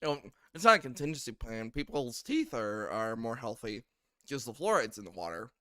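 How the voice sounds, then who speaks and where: A man hosting a podcast, animated and laughing often, with a bright, lively voice. The recording is dry and close. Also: mid-range voice, normal speed, no echo. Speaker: podcast host. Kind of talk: casual chat.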